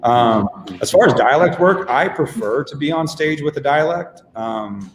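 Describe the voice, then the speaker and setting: Stage actor in an echoey hall. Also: male voice, a little high, expressive. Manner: easygoing, self-deprecating, halting with fillers. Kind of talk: casual interview chat. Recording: echoey hall with faint noise.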